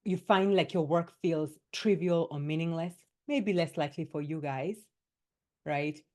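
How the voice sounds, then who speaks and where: A woman wellness coach giving a workshop talk to doctors, lively and emphatic, often checking in with her listeners. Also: low voice, measured pace. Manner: lively and emphatic, often tagging points with "right?".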